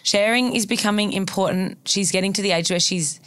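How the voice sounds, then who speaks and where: A woman's voice: mid-range voice, fairly quick, fairly bright tone, clean tone. A woman co-hosting a podcast in casual chat, enthusiastic and swearing freely. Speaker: podcast co-host.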